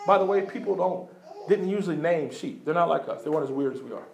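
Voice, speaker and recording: High-pitched guy preaching, lots of questions to the crowd, loud then soft. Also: fast talker, vocal fry, slight background noise. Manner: animated preaching with rhetorical questions and repetition; swings between loud emphasis and quiet low asides. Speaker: pastor. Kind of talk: sermon.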